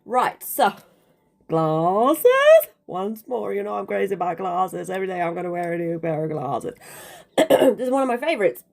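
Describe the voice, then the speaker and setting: A woman's voice: lowish voice, lively intonation, normal speed, gravelly. A woman talking to the camera in a casual monologue, emphatic and preachy, calling listeners darling and sounding slightly out of breath. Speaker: spiritual video creator.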